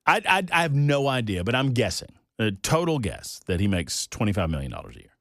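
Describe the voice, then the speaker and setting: A man hosting a talk radio show, folksy and jokey, his voice jumping up in loud disbelief. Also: lowish voice, wildly swooping pitch, brisk, dry recording, clean studio sound. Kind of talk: casual studio banter. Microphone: studio microphone.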